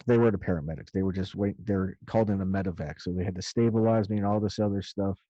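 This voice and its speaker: A man's voice: sits low, steady tone, fast talker, mellow, no room sound. A man casually recounting a story of his own in a loose, rambling way, with some swearing. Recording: dull lo-fi dry recording.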